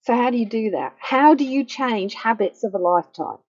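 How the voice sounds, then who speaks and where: A woman's voice: on the high side, expressive, brisk, no room sound. A middle-aged woman counsellor giving an earnest, emphatic talk, repeating phrases for stress. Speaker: grief counsellor. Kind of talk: personal teaching talk. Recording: muffled faulty microphone.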